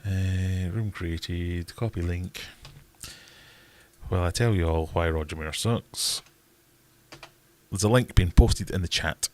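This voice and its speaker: Low-voiced Scottish male streamer, rambling and jokey, casual chat. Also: takes it slowly, long pauses. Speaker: livestream host.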